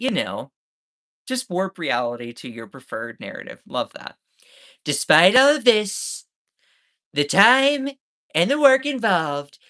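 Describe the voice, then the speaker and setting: A man's voice: high-pitched, sharp tone. A man from the States, ranting sarcastically in live-stream commentary. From Southern United States. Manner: sarcastic, mocking.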